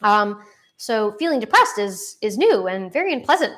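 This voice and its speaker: Hosting a livestream from home with her dog, a young woman chats and rambles casually, using lots of fillers and restarts, casual swearing, and self-deprecating humor. She speaks at normal speed in a mid-range, sing-song, fairly bright voice, recorded through a laptop microphone.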